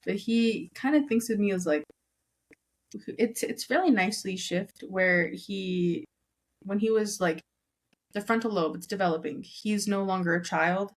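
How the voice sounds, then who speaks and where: A woman's voice: mid-range voice, measured pace. A young woman from Southern California, a podcast guest chatting casually and filling her talk with "like". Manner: chatty, heavy use of "like", acts out family members' lines. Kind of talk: casual chat.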